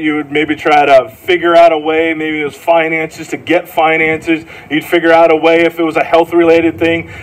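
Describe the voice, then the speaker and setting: Earnest man preaching, fairly high voice. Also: poor audio. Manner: earnest, repeats phrases, asks the congregation questions. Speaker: pastor. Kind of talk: sermon.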